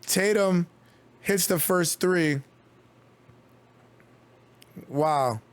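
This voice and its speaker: A high-pitched man is losing his voice, hoarse from loud exclamations and rapid-fire calls while streaming excited play-by-play of a basketball game.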